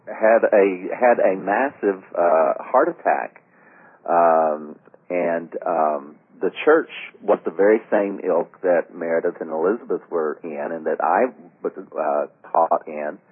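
Deep husky guy on a radio show, rambly storyteller, thin phone-like sound. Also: slow pace. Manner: rambling storyteller, trails off with fillers. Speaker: radio co-host and former pastor. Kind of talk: radio talk conversation.

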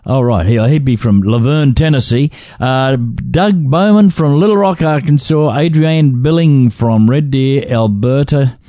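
A man's voice: medium pitch, a little slow, few pauses, dark tone, no echo. A man co-hosting a ministry radio show, reading a list of donors and joking as he stumbles over names.

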